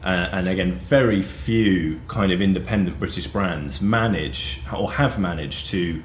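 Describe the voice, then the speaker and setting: A man's voice: low-pitched, unhurried. A man hosting a podcast interview, enthusiastically summarizing points for his listeners. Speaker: podcast host. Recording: echoey room, faint hiss.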